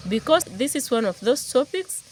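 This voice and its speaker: A woman's voice: high-pitched, big pitch swings, normal speed, a little hiss or hum. A woman host speaking to viewers with grateful address. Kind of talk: video outro.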